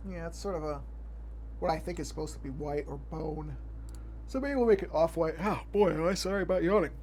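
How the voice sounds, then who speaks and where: A man's voice: on the high side, moderate pace, warm tone, slight background noise. A man chatting casually while working on a digital drawing, rambling and correcting himself as he thinks aloud. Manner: rambling, self-correcting, apologetic about yawning. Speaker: artist streaming his drawing.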